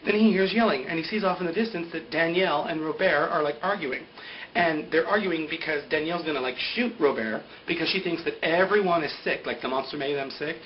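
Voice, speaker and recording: A young man recapping a TV episode in a rambling, animated way, full of "like" fillers. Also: on the high side, a little fast, slight background noise. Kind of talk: casual spoken recap. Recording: dull lo-fi home recording.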